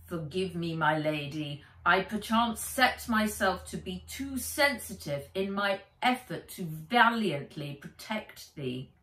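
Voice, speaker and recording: A woman's voice: on the high side, sing-song, measured pace, a bit bright, roomy sound, distant mic, pitched above the performer's own voice, low-quality recording. A woman voicing a male dragon robot who speaks in a mock-formal old-fashioned way. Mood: apologetic. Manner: mock-formal olde-English speech. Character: male dragon robot, earnest and eager to please.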